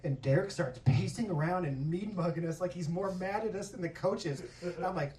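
A man telling a stand-up story on a comedy stage, swearing freely and acting out yelling coaches. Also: high voice, moderate pace, few pauses, recorded from a distance, a little hiss or hum. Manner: profane, animated, acts out coaches' yelling. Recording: echoey hall with crowd laughter, mic from afar. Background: audience laughing.

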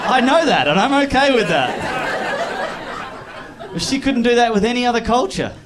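A man's voice: very high-pitched, moderate pace. Australian man doing stand-up before a laughing crowd. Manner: animated, swings into loud put-on voices for bits. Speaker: stand-up comedian. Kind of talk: stand-up comedy set. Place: comedy club stage with a laughing crowd. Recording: live club recording with crowd noise. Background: audience laughter.

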